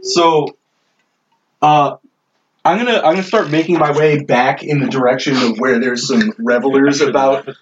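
A man's voice: mid-range voice, normal speed. A man playing a tabletop game in character, laughing often and restarting his lines. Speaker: player. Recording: dull lo-fi recording with faint noise.

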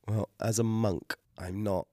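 Low-voiced male player, wry. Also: steady tone, unhurried, dark tone, no echo, clean studio sound. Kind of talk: tabletop game chat.

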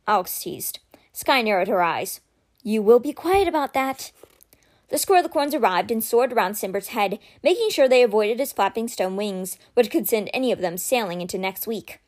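A woman reading a children's fantasy novel aloud with expressive, dramatic storytelling. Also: mid-range voice, fairly quick.

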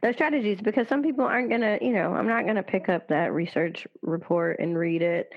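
A woman hosting a casual podcast conversation, chatty and animated, with lots of "you know" and "like". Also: mid-range voice, brisk, lo-fi sound. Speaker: podcast host.

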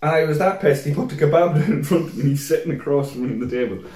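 A man's voice: racing, echoey room. A young man co-hosting a podcast, telling drunken stories in casual chat, swearing a lot and mimicking people. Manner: animated storyteller, swears a lot, mimics people in high voices. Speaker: podcast co-host.

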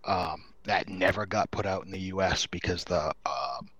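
A man's voice: low-pitched, normal speed, fairly bright tone, breathy edge, no room sound. A man with a Rhode Island accent, chatting easygoing as a guest on a casual podcast.

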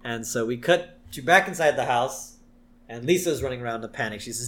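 A man's voice: medium pitch, fairly quick, a bit bright. A man co-hosting a podcast, chatting casually as he retells a cartoon episode and acts out its lines. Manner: acts out quoted lines in raised voices. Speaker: podcast co-host. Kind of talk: casual chat recapping an episode.

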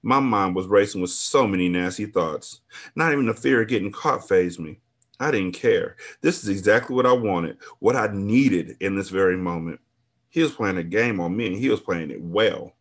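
A man's voice: fairly low pitch, moderate pace. A man hosting a podcast, reading a novel aloud and commenting in a casual, profane, laid-back way.

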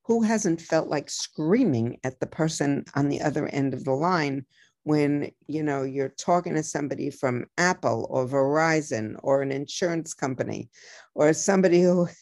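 A woman psychotherapist giving advice as a podcast guest, reflective and repeating key phrases slowly like a mantra. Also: low voice, lively intonation, a little mellow.

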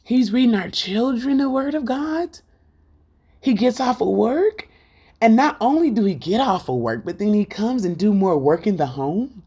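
A woman delivers an informal Christian sermon with a fervent, preachy drive. She builds her points through rhythmic repetition and fires rhetorical questions straight at her listeners. Her voice sits in an ordinary middle pitch for a woman. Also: very animated, normal speed, dark tone, slightly rough. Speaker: Christian speaker.

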